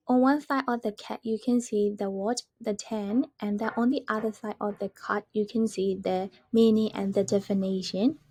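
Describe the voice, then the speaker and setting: A woman teaching vocabulary over slides, explaining step by step and repeating words slowly to show their stress. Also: on the high side, mellow, husky, dry recording. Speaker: English teacher.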